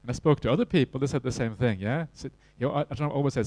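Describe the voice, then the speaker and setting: A man with a Norwegian accent giving an evening dharma talk as a Buddhist teacher, relaxed, with many "uh" fillers and tag questions. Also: medium pitch, fast, hardly any pauses, dry recording.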